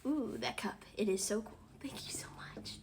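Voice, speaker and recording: A woman's voice: on the high side, normal speed, vocal fry, whispered. A woman in her twenties chatting casually at home while hosting a dinner livestream, talkative and giggly with frequent laughs. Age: 20s. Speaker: streamer hosting a dinner stream.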